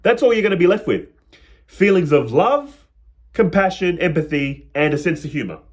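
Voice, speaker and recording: A man's voice: on the high side, sing-song, moderate pace. A man hosting a spiritual video, talking in a casual, earnest way and stretching out lists of words. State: out of breath. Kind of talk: casual spiritual talk to camera.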